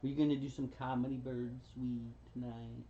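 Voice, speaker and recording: A woman chatting fondly with her pet bird at home, cooing pet names and laughing softly. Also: very deep voice, little pitch movement, normal speed, crowd noise. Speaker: pet bird owner on a livestream. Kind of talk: casual chat with a pet. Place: indoors at home. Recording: dull lo-fi home livestream audio.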